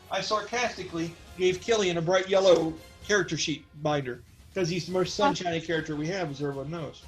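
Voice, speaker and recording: رجل بصوت مرتفع يدير لعبة أدوار. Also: male voice, high-pitched, poor audio. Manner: loose and joking, with frequent fillers. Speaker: game master. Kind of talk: narrating a tabletop game.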